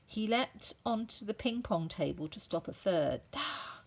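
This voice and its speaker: A woman teacher reading a children's story aloud, expressive and sounding out the effects. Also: medium pitch, normal speed, vocal fry.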